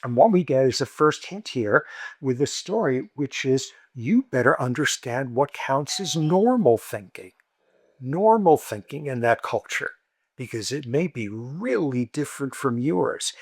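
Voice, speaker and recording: Animated male lecturer telling a story. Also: measured pace, no echo. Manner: animated, acts out quoted dialogue with jumps in pitch. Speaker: university lecturer. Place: lecture hall.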